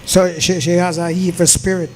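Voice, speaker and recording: A man's voice: high-pitched, little pitch movement, normal speed, a little mellow, a little hiss or hum. A man hosting a casual interview as DJ, prompting his guest with short affirmations. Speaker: radio/TV DJ host.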